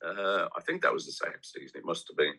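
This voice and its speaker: A man talks as a guest in a loose, rambling way, drifting from one memory to the next. His voice sits very low, yet it has a bright, forward edge. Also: very animated, fast, gravelly, husky, rough recording. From English West Midlands. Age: 60s. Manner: rambling, anecdotal. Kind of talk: casual chat.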